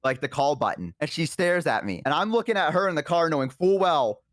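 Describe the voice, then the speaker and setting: Young man telling an animated story. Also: a little fast, dry recording, studio quality. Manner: animated storytelling, acting out quoted lines with rising pitch and hesitations. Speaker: storyteller guest. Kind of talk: casual anecdote on a stream.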